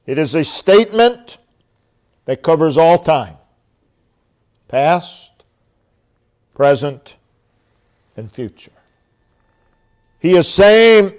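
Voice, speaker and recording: Slow, emphatic male preacher. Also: lively intonation. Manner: slow, emphatic preaching with long dramatic pauses; drops to a low, quiet voice when quoting God. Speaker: pastor. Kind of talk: sermon.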